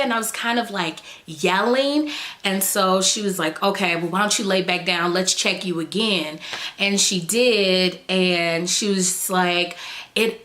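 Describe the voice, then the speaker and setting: A young woman from Chicago telling a personal story in a chatty vlog, acting out what people said. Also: fairly low pitch. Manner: chatty, animated retelling with quoted dialogue. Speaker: vlogger.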